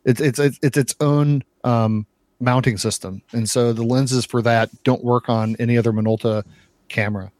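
A man's voice: medium pitch, steady tone, moderate pace, darkish tone, no room sound, clean studio sound. A man co-hosting a podcast in casual chat, talking at length with many repeats and filler words. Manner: repeats words, lots of uh and you know. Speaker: podcast co-host.

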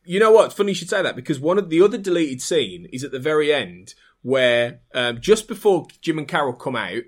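A man's voice: fairly high pitch, big pitch swings, fairly quick. A man, a podcast guest, eagerly sharing film trivia in casual chat with stumbling restarts. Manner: enthusiastic, stumbling restarts when explaining.

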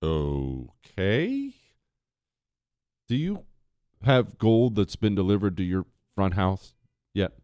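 A man's voice: lowish voice, a little slow, mellow, dry recording. A man hosting a talk radio monologue, ranting in a sarcastic way. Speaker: radio host.

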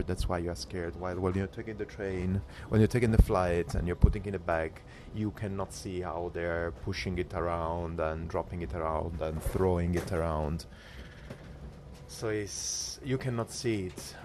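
A man talking casually to his camera while travelling by train and arriving at stations, rambling and talking to himself. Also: low-pitched. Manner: rambling, self-talk. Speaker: cycling vlogger. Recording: noisy train ambience.

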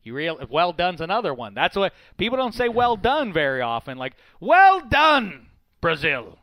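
A man's voice: fairly high pitch, fairly quick. A man hosting a sports podcast, teasing and joking in casual chat, sounding a bit sick. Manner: animated, teasing, jokey. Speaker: podcast host.

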